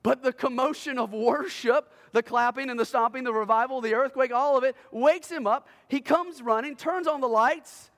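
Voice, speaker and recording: A man preaching a sermon as a pastor, telling a story dramatically and swinging between loud bursts and hushed lines. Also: extremely high pitch, in a large hall. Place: church sanctuary.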